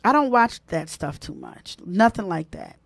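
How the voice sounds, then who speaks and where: A woman hosting a live stream, giving animated, preachy advice and repeating key points for emphasis, speaking. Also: lowish voice, unhurried, vocal fry, no room sound. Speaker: host.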